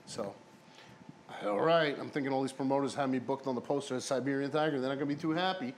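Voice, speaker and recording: A man of middling pitch tells long, rambling wrestling stories in a casual interview, swearing freely. He jumps between people and imitates them along the way. A faint noise sits under the recording. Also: quick pace. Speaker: interview guest, former pro wrestler.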